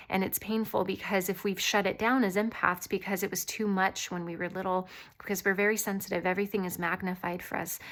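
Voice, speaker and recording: Woman with a light voice, mid pitch, earnest and reassuring as a tarot reader talking to her viewers. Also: little pitch movement, fairly quick. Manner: earnest, reassuring and gently rambling. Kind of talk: intuitive tarot reading addressed to viewers.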